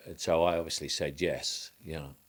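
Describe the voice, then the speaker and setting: Low-voiced older man reminiscing. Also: fairly even intonation, moderate pace. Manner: rambling recollection with frequent restarts and chuckles. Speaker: actor. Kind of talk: reminiscing interview.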